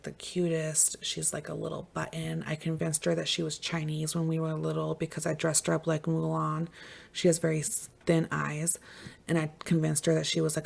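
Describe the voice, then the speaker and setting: On her true-crime podcast, a female host talks in a casual, emphatic way, cursing freely and leaning heavily on "like." Her voice is low-pitched and darkish, with vocal fry.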